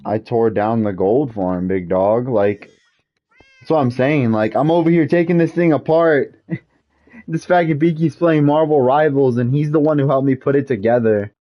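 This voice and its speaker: In lo-fi sound, a man with a slightly high voice speaks at normal speed as he streams a game. He's venting, going around in circles with a frustrated rant and some mild swearing.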